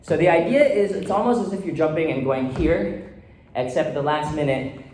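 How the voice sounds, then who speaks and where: A man's voice: a little high, moderate pace, a little mellow. A man teaching dance choreography, counting beats and calling out steps in rhythm. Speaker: dance instructor. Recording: echoey room with faint noise.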